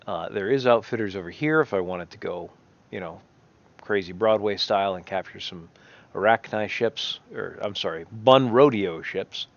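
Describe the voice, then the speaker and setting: Low-voiced man rambling over gameplay. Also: highs cut off. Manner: rambling, self-correcting, thinking aloud. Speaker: gameplay commentator. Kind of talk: casual game commentary.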